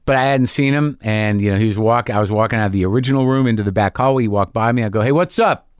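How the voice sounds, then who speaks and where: A man's voice: fairly low pitch, racing, clear, resonant tone, dry recording. A middle-aged man hosts his own show and tells a raw story straight into a close mic. He swears freely and voices both sides of a heated argument. The sound is dry, with no room around him. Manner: profane, candid, acts out both sides of an argument. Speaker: podcast host and stand-up comic. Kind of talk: candid storytelling monologue.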